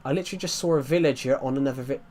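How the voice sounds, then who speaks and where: In a casual gaming stream, a man from England with a West Country accent rambles and restarts his sentences to viewers. His mid-range voice is darkish and racing, with a little hiss or hum.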